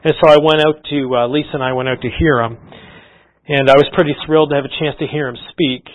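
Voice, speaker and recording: Middle-aged male pastor, earnest conversational sermon, voice a bit high, slightly muffled recording. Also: fairly even intonation, fast. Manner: earnest, conversational preaching with frequent restarts. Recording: slightly dull lo-fi sound.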